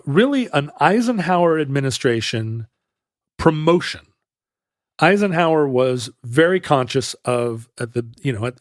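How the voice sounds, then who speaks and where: A man's voice: mid-range voice, dry recording. Dry-voiced man explaining at length. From United States. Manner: rambling, self-correcting, explanatory. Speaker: podcast co-host. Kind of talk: casual chat.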